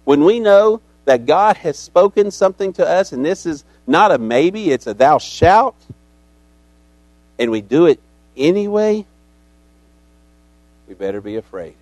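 A man's voice: a little high, sing-song, moderate pace, a little mellow, no room sound. A man preaching a sermon as a pastor, telling the story dramatically and acting out its characters.

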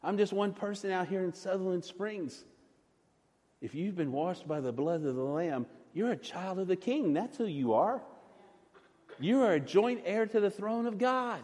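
Preacher man giving a sermon, slightly high voice, echoey sanctuary, earnest and dynamic. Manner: earnest preaching that swings from loud to soft. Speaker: pastor.

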